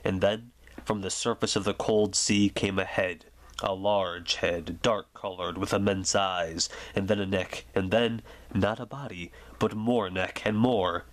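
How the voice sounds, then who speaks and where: A man giving a soft, slow, soothing ASMR reading of a story for sleep. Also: sits low, steady tone. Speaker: reader.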